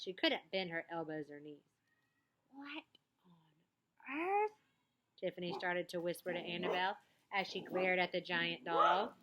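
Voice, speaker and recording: A woman reading a children's chapter book aloud, pausing to describe the pictures in an animated way. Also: on the low side. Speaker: storybook reader.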